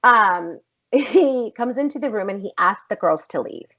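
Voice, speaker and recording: An American actress recounts an episode in a casual podcast chat, emphatic and blunt, with swearing thrown in. Her voice sits at a middling pitch. The recording is a little dull and lo-fi. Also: lively intonation, unhurried, bright, forceful tone. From United States. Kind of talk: casual storytelling interview. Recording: slightly dull lo-fi podcast audio.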